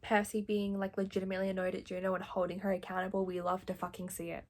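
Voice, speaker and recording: A young Australian woman casually reading a book aloud and reacting, gushing excitedly with frequent laughter and casual swearing. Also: medium pitch, fast, few pauses. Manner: laughs often. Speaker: book vlogger.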